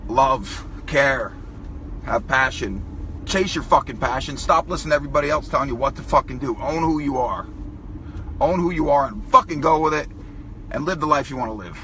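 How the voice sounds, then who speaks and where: A man's voice: medium pitch, animated, a little fast, bright, forceful tone, slight background noise. A man talking emotionally in a profane vlog, crying and choked up as he speaks. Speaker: vlogger.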